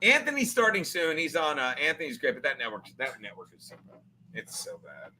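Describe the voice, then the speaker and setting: A rowdy man hosts a casual live show, with a high voice that swings up and down a lot. His voice is bright and sharp, and he jokes and swears freely between shouts. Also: big pitch swings, brisk, slight background noise. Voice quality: loud, joking, swearing freely. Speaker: host.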